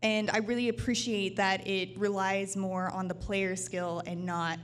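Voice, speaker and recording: A woman's voice: medium pitch, flat delivery, measured pace. A woman on a podcast panel, speaking earnestly and thoughtfully in casual chat.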